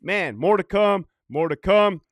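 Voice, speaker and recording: A man's voice: high-pitched, animated, measured pace, no room sound, studio quality. A man who is a former prison guard, ranting profanely in a casual vlog, rambling and often laughing.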